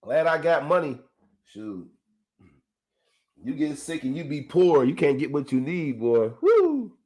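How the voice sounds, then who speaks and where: A man hosting his own podcast, talking to his listeners in a casual motivational monologue, animated and laughing often. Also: on the high side, a little slow. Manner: animated, laughs often, talks straight to the audience. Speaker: podcast host.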